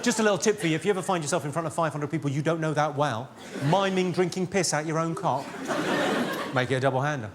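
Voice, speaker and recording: A man doing stand-up on stage, delivering deadpan one-liners with a noticeably high voice. Heavy audience laughter rolls in under his jokes on a stage mic. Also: fast, very noisy. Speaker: stand-up comedian. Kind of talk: stand-up comedy. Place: large theatre with live audience. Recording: loud audience laughter behind.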